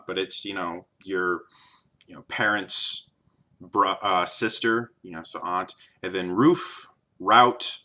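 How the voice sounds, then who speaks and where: A man's voice: lowish voice, sharp tone. A young man with a neutral General American accent, talking casually to camera in a rambling vlog, with many ums and restarts. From American Midwest. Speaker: vlogger.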